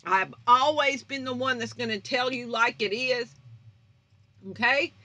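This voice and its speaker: A woman's voice: on the high side, unhurried, sharp tone, no echo. Fiery woman in her fifties. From North Baton Rouge, Louisiana. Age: 50s. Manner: emphatic, confrontational, blunt. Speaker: channel host. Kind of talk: fiery vlog rant to viewers.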